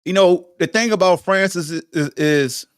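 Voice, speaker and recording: A man's voice: high-pitched, moderate pace, smooth, no room sound, studio quality. A man hosting a podcast, delivering a heated, blunt sports rant full of slang and profanity. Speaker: podcast host.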